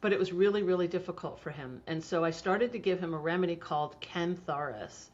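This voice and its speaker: In a casual interview, a middle-aged homeopathy practitioner tells chatty stories sprinkled with frequent fillers. Her voice is on the low side and darkish, and she talks a little fast. The sound is dull and lo-fi.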